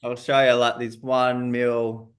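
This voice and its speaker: Man, company interviewer, casual, enthusiastic, quick affirmations. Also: medium pitch, completely flat delivery, a bit bright, smooth.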